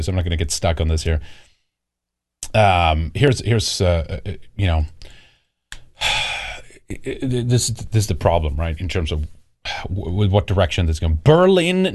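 A male commentary host who talks back to news clips with sarcasm and rambles through plenty of fillers. His pitch swings widely from line to line, lively and animated. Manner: mocking, rambling, lots of fillers.

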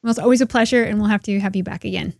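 A woman's voice: mid-range voice, rapid-fire, creaky, a little mellow, no room sound, clean studio sound. A woman hosting an interview, agreeing readily with short affirmations. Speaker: podcast host. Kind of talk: interview conversation.

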